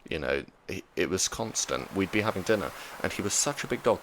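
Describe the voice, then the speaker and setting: A man hosting a gaming channel, telling rambling, chatty stories with plenty of fillers in relaxed commentary meant for sleep. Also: low voice, fairly quick, slight background noise, poor audio. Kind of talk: relaxed commentary over gameplay, made for sleep. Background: music.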